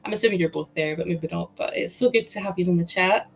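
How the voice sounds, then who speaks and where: A woman's voice: fairly low pitch, quick pace, creaky, muffled recording. A woman with a Scottish accent hosting a casual livestream, chatting bubbly with viewers and laughing often. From Scotland. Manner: bubbly, laughs often, greets chat excitedly. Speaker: livestream host. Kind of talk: casual livestream chat while building.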